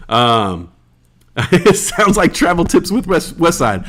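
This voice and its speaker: A man's voice: on the high side, very animated, unhurried. An American man hosting a casual solo podcast, rambling loosely, swearing freely and reading out listener comments. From United States. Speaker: podcast host.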